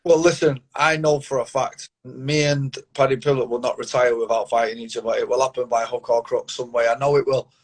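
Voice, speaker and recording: A man's voice: medium pitch, fairly even intonation, brisk, hardly any pauses. A Mancunian man in his thirties, a fighter talking bluntly and confidently in a casual interview, swearing often and calling the host mate, over a phone or video call. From Manchester, England. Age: 30s.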